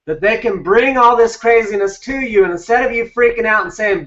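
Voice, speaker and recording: A man's voice: high voice, normal speed, hardly any pauses, a bit bright, roomy sound. A male relationship coach giving a live talk on a group call, blunt and emphatic with casual swearing. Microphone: video call. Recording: distant, dull lo-fi call audio.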